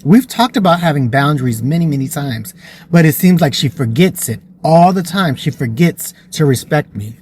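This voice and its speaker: A man's voice: on the high side, expressive, moderate pace, darkish tone, slight background noise. A man vlogging, telling a personal story in an earnest, emotional way.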